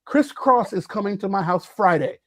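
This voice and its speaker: A man with a high voice rants with passion on a comics podcast. His delivery is emphatic and driven. The sound is dry and close. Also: lively intonation, normal speed, fairly bright tone, no room sound. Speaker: podcast co-host. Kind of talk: casual chat.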